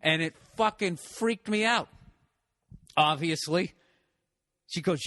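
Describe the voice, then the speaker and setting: Slow and forceful, this middle-aged man's slightly high, bright voice comes through a dry, clean studio recording as he hosts a podcast. His rambling, self-mocking story is funny, full of curses, and broken up by his own laughter.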